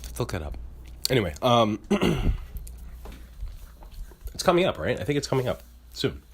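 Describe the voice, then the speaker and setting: A man's voice: medium pitch, very animated, normal speed, slightly rough. A man who co-hosts a podcast, venting in a casual, rambling monologue that is full of swearing and filler words. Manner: rambling and profane, heavy use of filler "like". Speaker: podcast co-host.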